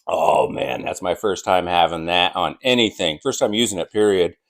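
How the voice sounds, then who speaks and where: A man hosting a barbecue vlog, slicing and tasting brisket, enthusiastic and sometimes talking with his mouth full. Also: deep voice, a bit bright. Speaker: barbecue channel host. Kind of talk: casual cooking vlog while slicing and tasting.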